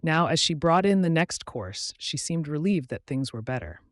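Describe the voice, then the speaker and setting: A man reading a novel aloud as an audiobook narrator in a steady, measured way. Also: on the high side, dry recording, clean studio sound.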